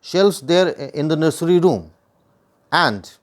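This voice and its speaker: Lively Indian English man explaining a poem. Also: on the high side, a little slow. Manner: repeats and rephrases points, asks the listener questions. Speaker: teacher.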